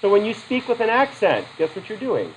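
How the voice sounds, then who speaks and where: A man's voice: high voice, huge pitch swings, brisk, slight background noise, rough recording. A man teaching a psychology class in a loose, conversational lecture, quizzing students with questions and adding casual asides. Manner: loose, self-correcting delivery with asides.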